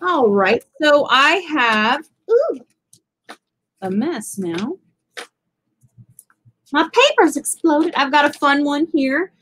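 A woman's voice: sits high, very animated, slow, long pauses, fairly bright tone, a little hiss or hum, rough recording. A woman hosting a live jewelry auction stream, chatting casually as she describes each piece.

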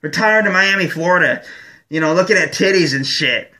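A man from Michigan hosts his own show in an angry, profane rant. His voice is forceful and bright, a little higher than most men's. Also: brisk. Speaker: show host. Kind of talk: ranting vlog monologue.

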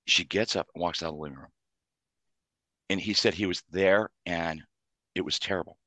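Earnest therapist type, deep-ish voice, dry studio sound, walks through ideas in lists. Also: male voice, moderate pace, sharp tone, no echo. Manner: earnest, explains in numbered lists. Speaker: psychologist and author. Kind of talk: interview answers.

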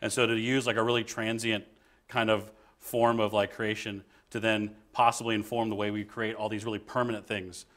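A man speaking on a panel as an improv performer, telling stories in an animated, self-deprecating way. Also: fairly low pitch, brisk. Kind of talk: conversational panel talk.

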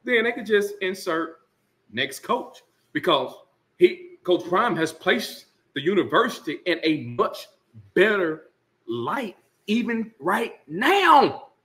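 A man's voice: high-pitched, sing-song, takes it slowly, bright, forceful tone. A man hosting a casual sports talk rant, emphatic and sarcastic with laughing asides. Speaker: sports commentary host.

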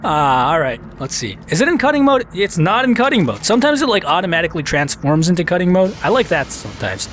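A man's voice: high-pitched, sing-song, fast talker, hardly any pauses, fairly bright tone, a little hiss or hum. A man giving casual, self-mocking commentary while playing a shooter game, talking back to the enemies on screen. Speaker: let's play commentator.

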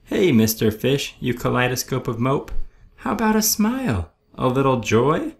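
A man's voice: medium pitch, very animated, moderate pace, gravelly. A man voicing a squirmy, slightly impolite female squid in a children's storybook, cheeky and rhyming.

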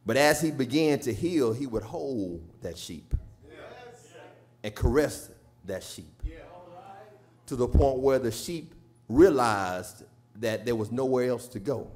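A man with a Southern US accent preaching a sermon, moving from quiet storytelling to shouted, sung preaching. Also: mid-range voice, lively intonation, slow, pauses often. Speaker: pastor. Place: church sanctuary. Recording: live church stream with organ and congregation.

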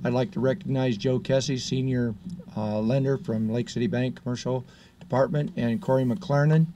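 A man's voice: mid-range voice, fairly even intonation, normal speed, warm tone. A man representing a bank gives a friendly, casual thank-you speech at an outdoor ceremony, with frequent "uh" fillers. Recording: outdoor recording with background noise.

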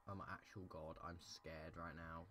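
Jittery gamer host, lowish voice with a faint hiss behind it, frightened horror playthrough chatter. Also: male voice, little pitch movement, normal speed. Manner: jumpy, keeps repeating he is scared, voice jumps high when startled. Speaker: gaming channel host. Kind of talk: horror game commentary. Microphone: desk microphone.

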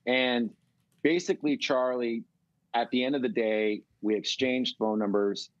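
A middle-aged man from California, telling a long, animated story as a guest in a casual interview. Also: mid-range voice, measured pace, dry recording, lo-fi sound. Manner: rambling, animated storytelling with swearing. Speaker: guest musician.

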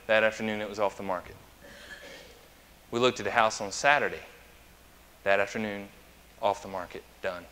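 A male pastor gives a chatty, anecdotal sermon and puts questions to his congregation. His voice is fairly low yet crisp and forceful. It rings out with a long reverb in a church sanctuary. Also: fairly even intonation, moderate pace, long pauses. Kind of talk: conversational sermon.

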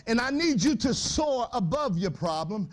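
Male preacher, high voice, animated church sermon. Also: moderate pace. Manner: animated, shouting bursts, laughing asides, slangy. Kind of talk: lively sermon to youth.

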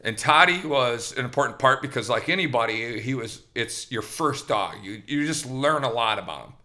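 A man with a bright, forceful voice tells a rambling story as a podcast host. He talks casually, with restarts and lively acted quotes, at a middle pitch. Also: normal speed.

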